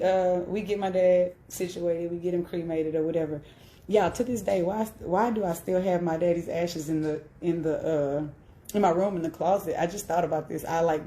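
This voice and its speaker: A woman with a low, mellow voice talks candidly to her live-stream viewers, loose and chatty, laughing and cursing as she goes. The sound is roomy and echoey, as if from a bare room. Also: slight background noise. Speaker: video host speaking to viewers. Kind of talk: casual live-stream storytelling. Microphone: single mic on a live stream. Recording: roomy echo.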